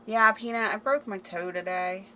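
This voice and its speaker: A woman's voice: mid-range voice, fairly even intonation, moderate pace, pushed and bright, a little hiss or hum, rough recording. A woman chatting casually on a home livestream, laughing and reading viewer comments aloud. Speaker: livestream host. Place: home, indoors. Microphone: phone camera.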